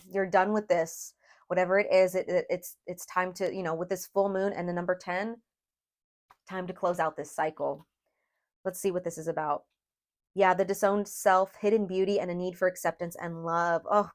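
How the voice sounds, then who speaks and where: A woman's voice: fairly low pitch, fairly even intonation, normal speed. A woman giving a casual tarot reading, chatty and emotional, addressing her viewers as "you guys" with lots of "like". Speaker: tarot reader.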